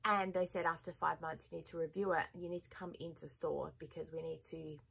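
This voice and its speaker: A woman's voice: deep voice, steady tone, brisk, creaky, a bit bright, slight background noise, low-quality recording. A woman vlogging to her viewers in a casual, rambling chat, laughing often as she talks. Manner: chatty, rambling, with frequent laughs.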